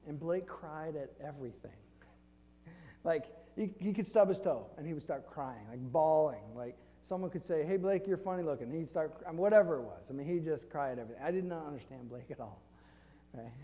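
Pastor, male, mellow tone, loose and self-deprecating delivery, long room reverb. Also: a little high, normal speed, muffled recording. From Flint, Michigan. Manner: conversational, self-deprecating with laughs. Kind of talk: sermon. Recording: long reverb in a large hall.

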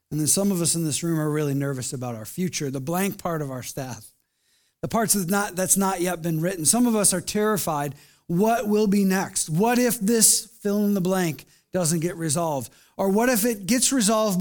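Guy pastor preaching, kinda high voice, earnest, goes real soft and hushed a lot. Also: expressive, normal speed. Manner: earnest, pleading, drops to soft hushed tones. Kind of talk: sermon and closing prayer. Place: church service.

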